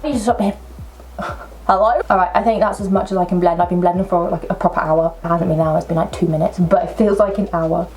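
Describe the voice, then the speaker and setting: A young woman, chatting her way through a makeup tutorial at home with excitable, self-mocking asides. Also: on the low side, fast talker, a little hiss or hum. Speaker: makeup vlogger. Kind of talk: casual makeup tutorial chat. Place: at home at a table.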